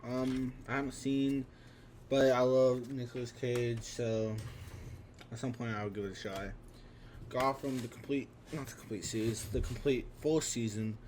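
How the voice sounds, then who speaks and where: A man's voice: medium pitch, flat delivery, measured pace, darkish tone, slight background noise. Young man rambling about his film collection. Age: 20s. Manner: rambling, offhand, with restarts and fillers. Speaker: vlogger. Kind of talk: casual commentary on a film collection.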